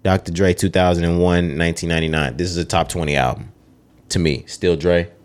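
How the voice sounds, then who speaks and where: A man's voice: deep voice, fairly even intonation, fairly quick. A man co-hosting a podcast in casual chat, opinionated and swearing freely as he runs down a ranked list. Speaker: podcast co-host.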